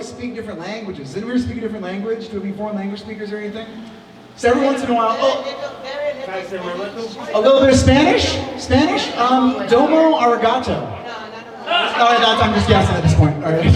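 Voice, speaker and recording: A man with a fairly high voice performs stand-up on a club stage, chatting and riffing with the audience. The sound is roomy and distant, with a long echo. A lively crowd fills the background. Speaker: stand-up comedian. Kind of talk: stand-up comedy set. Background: audience laughter and chatter.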